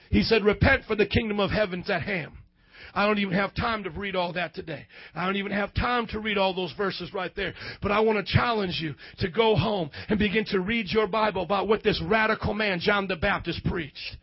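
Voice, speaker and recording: A man, a youth pastor preaching a fiery sermon to his congregation, breaking into shouted, sing-song outbursts. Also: high voice, muffled recording. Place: church hall before a youth congregation.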